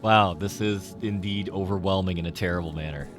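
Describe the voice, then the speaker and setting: A man's voice: low voice, fairly quick, music in the background. A man streaming a game, rambling and joking with his chat in casual commentary. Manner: rambling, jokey, talks to chat.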